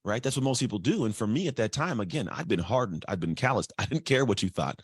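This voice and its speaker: A man telling his life story as a guest, energetic and chatty, acting out other people's voices. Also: medium pitch, fast, few pauses, breathy edge, no echo. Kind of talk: candid storytelling.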